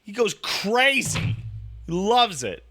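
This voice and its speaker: A man in his thirties chatting casually about raising a baby, profane and animated, full of "like" and restarts. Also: sits high, takes it slowly. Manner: profane, animated storytelling with lots of "like". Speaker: podcast talker, new father. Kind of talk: casual chat.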